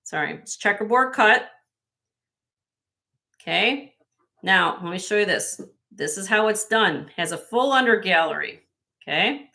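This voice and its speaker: Bright-voiced chatty woman selling jewelry live. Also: medium pitch, animated, measured pace, gravelly, long pauses. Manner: chatty, salesy, talks straight to buyers by name. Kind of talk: live online sale chat.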